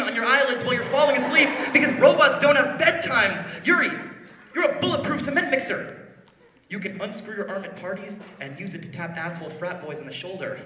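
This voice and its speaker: A man giving a live spoken word performance, teasing a volunteer and swinging between hushed talk and yelling. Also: on the high side, a little hiss or hum. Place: performance hall before a live audience. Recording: echoey hall, voice caught from a distance.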